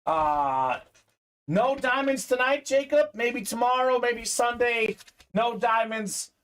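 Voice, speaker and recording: A man's voice: very high-pitched, animated, slow, fairly bright tone. A man hosting a live sports memorabilia break, chatting upbeat with viewers, reading their comments aloud and peppering his talk with "uh".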